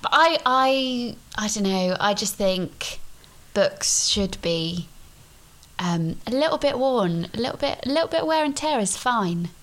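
A woman's voice: a little high, animated, unhurried, fairly bright tone. A young woman co-hosting a podcast, teasing her friend playfully and laughing often. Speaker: podcast co-host. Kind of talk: casual chat.

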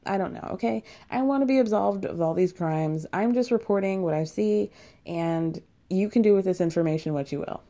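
A woman's voice: on the low side, moderate pace, dark tone. A woman in casual commentary, reading out messages with sarcastic asides and exaggerated disbelief. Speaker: commentary vlogger.

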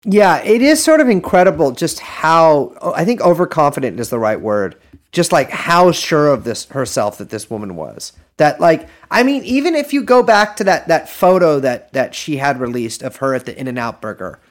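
Wry podcast co-host with lively pitch. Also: moderate pace. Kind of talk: casual chat.

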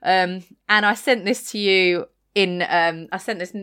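A woman's voice: fairly low pitch, a little slow, a bit bright, smooth. An English woman co-hosting a podcast, chatting casually with lots of fillers and frequent laughter. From England. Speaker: podcast co-host. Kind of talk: casual chat.

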